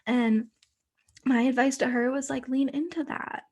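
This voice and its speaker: A woman hosting her own podcast, talking casually on her own, full of fillers and swearing, and sometimes dropping to a soft whisper. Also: high-pitched, steady tone, unhurried. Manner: chatty, many fillers, frequent swearing. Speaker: podcast host. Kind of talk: casual solo podcast monologue.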